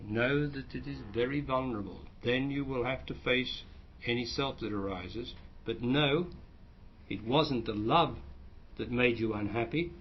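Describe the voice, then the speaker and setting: A man's voice: mid-range voice, unhurried, a little hiss or hum. A man who is a spiritual teacher, answering audience questions in a plain, explanatory way and often restarting his phrases. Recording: dull lo-fi recording.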